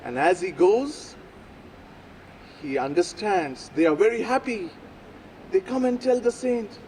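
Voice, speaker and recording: A man telling a folk story aloud at a live event, with slow, deliberate phrasing and dramatic pauses. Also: high-pitched, lively intonation, a little mellow, slight background noise, poor audio. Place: outdoor public plaza.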